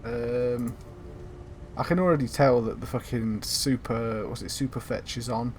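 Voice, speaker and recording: A man's voice: medium pitch, steady tone, a little slow, darkish tone, a little hiss or hum. A young man hosting his gaming channel, chatting casually over gameplay in a rambling way, full of ums and the odd swear word. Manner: rambling, filler-heavy, sweary.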